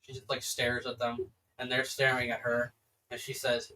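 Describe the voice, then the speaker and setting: A man's voice: medium pitch, flat delivery, brisk, bright, forceful tone, a little hiss or hum. Gm guy narrating the scene, laid back, says like a lot, a bit far from the mic. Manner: casual, descriptive, lots of "like". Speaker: game master. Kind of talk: narrating a tabletop game.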